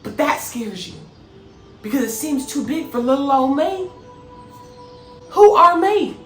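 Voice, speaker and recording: Earnest high-voiced woman host. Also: expressive, normal speed. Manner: earnest, emphatic, repetitive phrasing. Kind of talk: motivational spiritual talk. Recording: echoey room, faint music.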